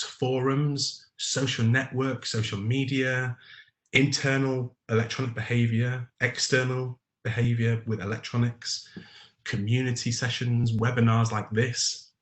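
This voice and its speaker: A man's voice: medium pitch, echoey room. A man leading a live online training webinar, reading out participants' chat answers by name, with frequent ums.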